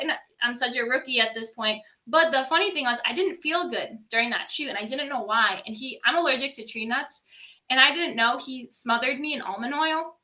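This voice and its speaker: A young woman chats as a podcast guest, her voice high and bright. She tells stories in an animated rush, scattering "like" through every sentence. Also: a little fast. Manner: animated storytelling, many "like" fillers. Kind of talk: casual interview chat.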